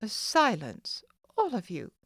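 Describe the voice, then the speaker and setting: A woman's voice: mid-range voice, big pitch swings, a little slow, dry recording, studio quality. Woman reading as a cold, haughty rich mother. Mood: stern. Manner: cold, sharp, scornful. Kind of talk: audiobook character voice.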